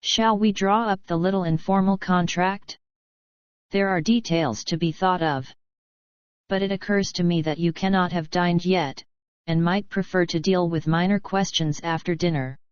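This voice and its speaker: A woman voicing a polite, measured male hotel owner in an audiobook. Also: fairly low pitch, steady tone, smooth, dry recording, dull audio, lightly acted. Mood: courteous. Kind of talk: audiobook narration.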